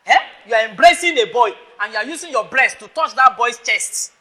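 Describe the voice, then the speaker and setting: Nigerian preacher with a high, bright voice. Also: male voice, animated, a little fast. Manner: scolding, rhetorical questions, calling on listeners by name. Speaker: preacher to students. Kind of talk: sermon. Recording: echoey hall.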